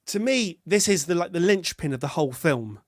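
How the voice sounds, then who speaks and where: A man's voice: on the high side, animated, a little fast, dry recording, studio quality. A British man co-hosting a podcast, chatting casually about a film in a rambling, self-interrupting way. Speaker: podcast co-host.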